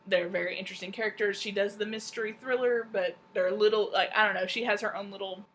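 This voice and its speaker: A woman's voice: mid-range voice, steady tone, quick pace, fairly bright tone, slight background noise. A woman co-hosting a knitting and books podcast, chatting casually about what she is reading. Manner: chatty, reads a synopsis aloud with stumbles. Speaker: podcast co-host. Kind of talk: casual book chat.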